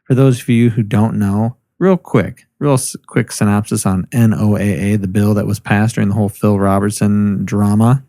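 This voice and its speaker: Speaking at normal speed with hardly any pauses, a man with a voice on the low side co-hosts a podcast. The casual chat turns into profane, animated ranting.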